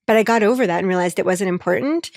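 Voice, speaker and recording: A woman co-hosting a podcast, telling a story in an animated way, acting out the dialogue and laughing often. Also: medium pitch, quick pace, vocal fry, no echo, studio quality. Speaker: podcast co-host. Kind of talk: casual chat, storytelling.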